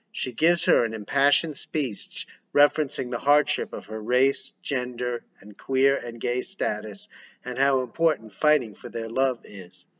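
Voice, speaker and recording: A man's voice: mid-range voice, fairly bright tone. A man reading a screenplay's scene headings and stage directions aloud. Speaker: script reader. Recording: dull lo-fi recording.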